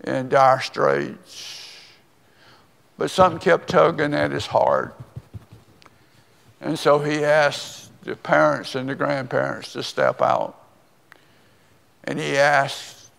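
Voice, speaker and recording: An older man, a pastor, preaching a sermon and telling a story slowly and deliberately, with pauses. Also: medium pitch, vocal fry. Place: church sanctuary. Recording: long reverb of a church hall.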